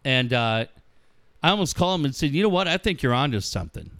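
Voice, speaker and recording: A man's voice: medium pitch, big pitch swings, quick pace, fairly bright tone, no echo, clean studio sound. A middle-aged man, a guest on a talk show, telling profane, joking stories about his kids and acting out the quotes. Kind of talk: casual storytelling chat.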